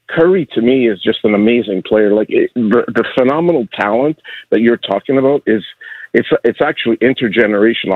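A man's voice: medium pitch, no room sound. A man in his sixties calling into a sports radio show, talking in a rambling, earnest way. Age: 60s. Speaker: caller. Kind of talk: call-in chat. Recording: dry, husky phone line.

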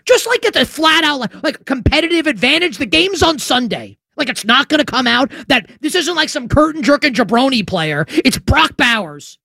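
A man's voice: very high voice, expressive, normal speed, gravelly, hardly any pauses, sharp tone, dry recording, studio quality. A man hosting a sports radio show, ranting emphatically and sarcastically, throwing out rhetorical questions. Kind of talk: opinionated sports talk radio monologue.

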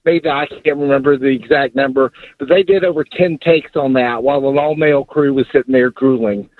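A man calling in to a sports radio show, rambling and halting with many fillers. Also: medium pitch, no room sound. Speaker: caller. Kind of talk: phone-in chat. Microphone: telephone. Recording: dry tinny phone line.

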